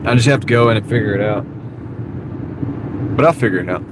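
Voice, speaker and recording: A man's voice: fairly low pitch, fairly quick. A man with a Southern accent rambling casually to his live-stream viewers while he drives, easygoing and self-deprecating. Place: inside a car at night. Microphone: wireless clip-on mic. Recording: audible road and car noise. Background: car and road noise.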